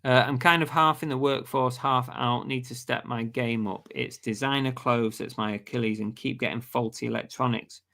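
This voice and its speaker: A man's voice: medium pitch, fairly even intonation, moderate pace, gravelly, few pauses, sharp tone. A man with a British accent hosting a casual live stream, reading viewer comments aloud and chatting back, and saying he is losing his voice. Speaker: livestream host.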